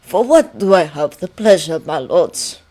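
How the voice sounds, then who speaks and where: A woman voicing a kindly old male librarian who questions gently and wryly. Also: deep voice, sing-song, measured pace, heavily acted. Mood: polite.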